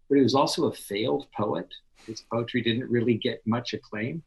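A man who is a podcast guest and literature scholar, telling stories in an animated, knowledgeable way. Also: fairly low pitch, low-quality recording. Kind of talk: conversational interview.

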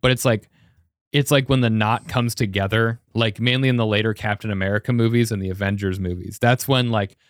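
A man hosting a podcast, chatting casually and easily, often tossing in quick agreeing fillers. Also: lowish voice, steady tone, clean tone, no echo, clean studio sound. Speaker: podcast host.

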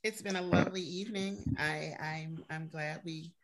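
A woman's voice: sits low, fairly even intonation, moderate pace. A woman with a New Orleans accent, co-hosting a podcast and telling blunt, profane stories in casual chat. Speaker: podcast co-host.

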